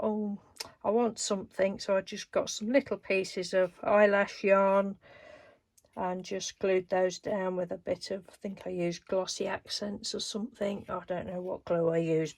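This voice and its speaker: A woman's voice: medium pitch, vocal fry, no room sound. A woman chatting casually through a craft show-and-tell, rambling and laughing now and then. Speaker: craft vlogger.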